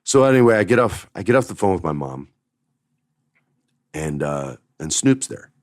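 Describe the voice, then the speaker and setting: Very deep-voiced man telling a personal story. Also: very animated, normal speed, darkish tone, no echo, studio quality. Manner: emotional, choked up at times. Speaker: podcast host.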